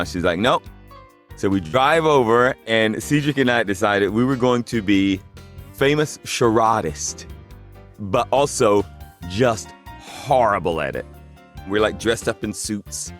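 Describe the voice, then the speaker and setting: Low-voiced man telling a relaxed story. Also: measured pace, soft background music. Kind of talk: anecdote.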